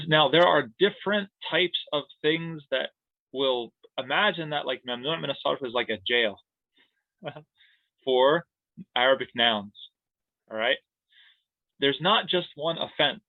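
A man's voice: mid-range voice, no room sound. A man teaching Arabic grammar in an online class, explaining in a playful, jokey way. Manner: playful, jokey explanations with laughs and siren sounds. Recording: tinny phone-like line.

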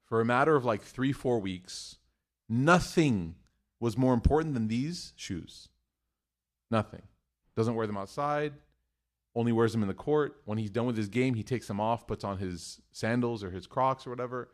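A middle-aged man giving a religious talk, telling a family story in an animated way, acting out quotes and using Arabic phrases. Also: mid-range voice, moderate pace. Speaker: Muslim speaker.

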